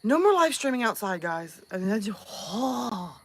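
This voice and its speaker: Chatty Southern woman with a lively voice. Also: mid-range voice, moderate pace, slightly rough. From American South. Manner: chatty, laughing, rambling with many fillers. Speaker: live-stream host. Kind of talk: casual live-stream chat. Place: outdoors at night.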